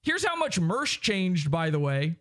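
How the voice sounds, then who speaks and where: A man's voice: sits high, very animated, unhurried, fairly bright tone. A man hosting a livestream podcast, lecturing and mocking in an emphatic ranting way into a broadcast microphone. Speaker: podcast host. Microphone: broadcast microphone with headphones.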